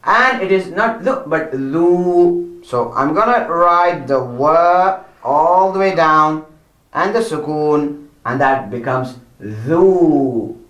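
A man with a fairly high voice teaches children Quran recitation at a slow, careful pace. He patiently repeats each word and points out the wrong ways to say it. The sound carries a noticeable room echo. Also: animated, a bit bright, highs cut off.

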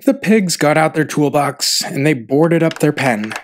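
A man reading a rhyming children's picture book aloud, with an expressive, rhythmic delivery. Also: on the high side, a little slow. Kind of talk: read-aloud storybook narration.

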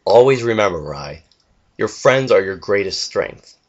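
A wise, regal princess gently questioning her pupil, as a man reading the story puts her on. The voice stays hushed and unhurried, rather low-pitched for her. The home recording sounds dull and lo-fi. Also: expressive. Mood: solemn, gentle. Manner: soft, slow and hushed.

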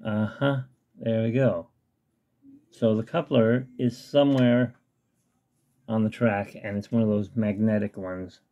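A man's voice: lowish voice, fairly even intonation, measured pace, long pauses, dark tone, dull audio. A man casually talking through his hobby work on a webcam at home, rambling and talking to himself as he tinkers. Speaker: hobbyist vlogger. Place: home hobby room with model train layout.

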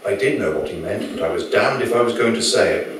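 A man's voice: on the low side, expressive, fast, a bit bright, a little hiss or hum. A male author reading his novel aloud to an audience at a live venue, with dry, wry storytelling. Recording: very echoey room, mic far off.

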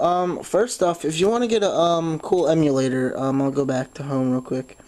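A man's voice: on the high side, warm tone. A man with a stuffy nose hosting a casual phone tutorial, rambling with lots of "um" and swearing when frustrated. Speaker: tutorial host.

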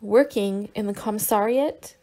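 A woman's voice: medium pitch, moderate pace, warm tone, lightly acted. A woman reader voicing a frail, frightened young woman who speaks weakly and faintly from her sickbed. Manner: weak, pleading and faint.

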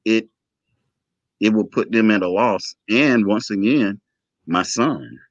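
In a slow, low-sided voice, a man relates an emotional personal story as an interview guest, animated and performing the dialogue. The recording is dry, dull and lo-fi, with no echo.

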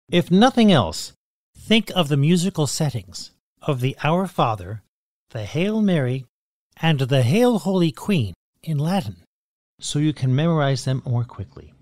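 A man hosting a podcast, reading a script and reciting prayers in a solemn, measured way. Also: mid-range voice, no room sound, studio quality. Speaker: podcast host.

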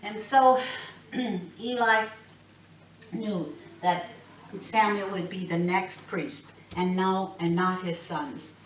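A woman's voice: on the low side, slow pace, a little hiss or hum. A woman telling a Bible story to children, acting out the voices and asking the children questions. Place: classroom or church room. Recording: echoey room, recorded from a distance.

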